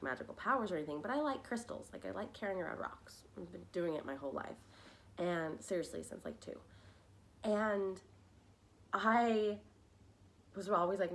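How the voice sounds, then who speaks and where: A woman's voice: mid-range voice, fairly bright tone. A young adult woman hosting a podcast, telling a personal story in a frank, rambling, chatty way. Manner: chatty, rambling, frank, with tangents and quick laughs. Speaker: podcast host. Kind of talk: casual personal storytelling monologue.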